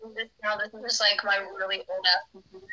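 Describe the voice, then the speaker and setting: A woman's voice: mid-range voice, fairly even intonation, fast, pushed and bright, rough recording. Giggly teenage girl on a webcam mic. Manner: giggly, lots of 'like' fillers. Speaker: podcast co-host. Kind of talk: casual chat. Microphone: old computer webcam mic.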